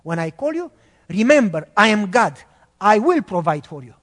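A man's voice: high-pitched, sing-song, normal speed, fairly bright tone, long reverb tail. A man, voicing God as stern and commanding, speaking in a firm, emphatic way.

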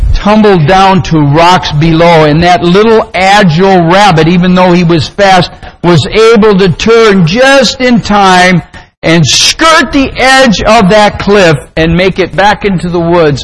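A man pastor preaching a sermon, praying and telling a story in an earnest, deliberate way. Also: high voice, poor audio. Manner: slow, deliberate, earnest delivery.

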